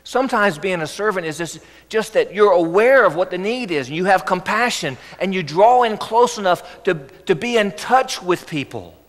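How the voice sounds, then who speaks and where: A man preaching a sermon as pastor, earnest and gently coaxing, often asking rhetorical questions. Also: high voice, expressive, normal speed, hardly any pauses. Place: church sanctuary. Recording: echoey church hall.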